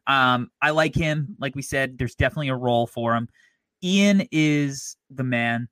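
A man co-hosting a sports podcast in an upbeat, easygoing way, pausing on "um" and "you know". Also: mid-range voice, fairly bright tone. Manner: upbeat, easygoing, measured with fillers. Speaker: podcast co-host. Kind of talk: casual sports podcast chat.

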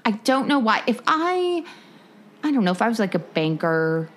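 A woman's voice: fairly high pitch, sing-song, moderate pace, a little hiss or hum. A woman co-hosting a podcast in loose, giggly, rambling casual chat. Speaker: podcast co-host.

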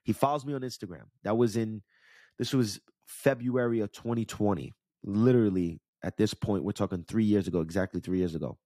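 This podcast host and life coach, a man in his thirties from the New York/New Jersey region, has a lowish, dark-toned voice and talks a little fast. Recorded dry with clean studio sound, he shares a personal story in a casual storytelling monologue, speaking candidly with a New York area accent and pausing to check in with his listener.

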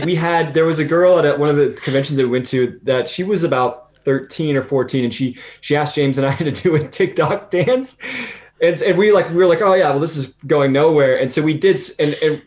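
A man's voice: a little high, a little fast, darkish tone. A man from Southern California chatting as a guest over a video call, telling stories in a laid-back way with frequent laughs and restarts.

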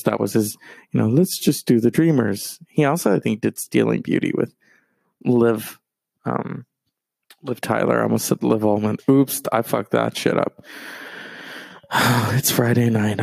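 A man's voice: lowish voice, vocal fry, darkish tone, no room sound. A man streaming on a Friday night, rambling casually about movies with plenty of swearing and restarts. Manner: rambling, profane, self-interrupting movie talk. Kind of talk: casual chat.

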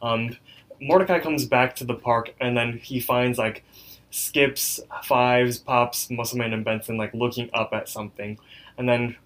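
A young podcast co-host loosely recaps a cartoon episode, filling his casual chat with lots of likes and ums. His mid-range voice is a bit bright, with fairly even intonation and a slightly slow pace.

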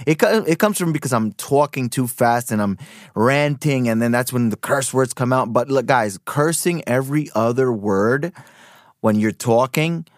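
A man's voice: mid-range voice, expressive, normal speed, dry recording. A man hosting a podcast talks in loose, rambling commentary, stumbling through restarts and fillers. His voice sits in the middle of the range, and the recording is dry and close. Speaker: podcast host. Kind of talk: casual commentary.

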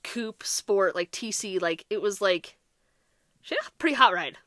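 A woman's voice: mid-range voice, normal speed, no room sound, clean studio sound. A woman co-hosting a casual chat, telling a story with a lot of swearing and acted-out quotes. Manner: animated, swearing, acts out quotes. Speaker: podcast co-host.

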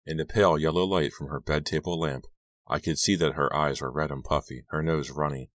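A man reading a young-adult horror novel aloud, in a steady, measured manner. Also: very deep voice, no echo. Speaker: audiobook narrator. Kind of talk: scripted narration.

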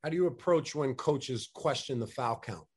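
A man hosting a podcast, asking relaxed conversational questions. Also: mid-range voice, normal speed, slightly rough. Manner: conversational, asks questions and gives brief agreements. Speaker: podcast host. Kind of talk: casual interview chat.

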